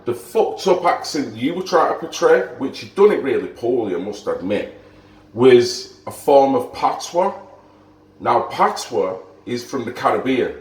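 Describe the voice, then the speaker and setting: Guy ranting on his vlog, lecturing, slow, roomy echo. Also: medium pitch, very animated. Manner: indignant, lecturing. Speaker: vlogger. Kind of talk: ranting to camera.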